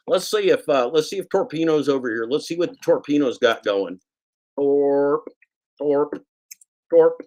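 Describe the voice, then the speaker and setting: A man's voice: mid-range voice, a little mellow. Rambling man hosting a livestream. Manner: rambling, repetitive, teasing. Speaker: livestream host. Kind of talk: casual livestream banter.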